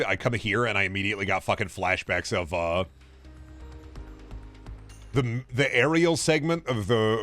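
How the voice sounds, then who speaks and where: A man's voice: lowish voice, a bit bright. A man streaming a video game, chatting casually, joking and rambling with bursts of profanity. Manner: joking, rambling, profane, drops into silly voices. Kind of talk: casual gaming stream chat.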